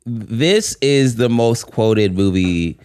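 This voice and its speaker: A man's voice: mid-range voice, expressive, slow pace, a little mellow, clean tone, no room sound. A man co-hosting a comedy podcast, telling rambling stories full of fillers. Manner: rambling storyteller, lots of "like". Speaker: podcast co-host. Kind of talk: casual chat.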